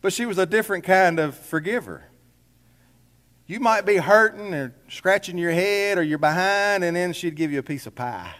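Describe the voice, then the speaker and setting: A man's voice: sits high, lively intonation, moderate pace, a bit bright, long reverb tail. A man preaching a sermon as a pastor in a church, folksy and conversational with rhetorical questions. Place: church sanctuary.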